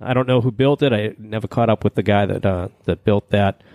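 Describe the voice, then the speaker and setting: A man hosting a casual hobby podcast, talking in a relaxed way with plenty of fillers. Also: lowish voice, fairly quick, dry recording. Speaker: podcast host. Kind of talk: casual chat.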